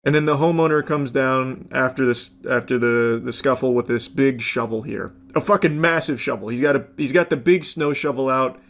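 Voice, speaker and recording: A man's voice: medium pitch, moderate pace, few pauses, fairly bright tone. A young man streaming, casually commenting on a clip, rambling with fillers and casual swearing.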